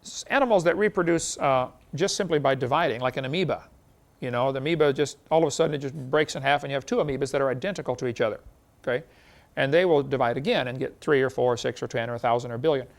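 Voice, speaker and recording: Gravelly-voiced man lecturing. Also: mid-range voice, quick pace. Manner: folksy, chuckles at his own stories. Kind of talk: classroom lecture with anecdotes.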